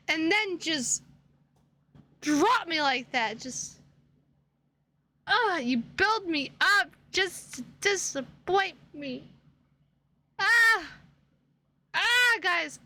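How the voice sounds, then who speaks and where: A woman streams from her home setup, reacting to a game with dramatic, exasperated whining and plenty of swearing. Her voice sits high and bright, and she stretches her words out at an unhurried pace. A faint hum sits under the desk mic. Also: lively intonation. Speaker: gaming streamer.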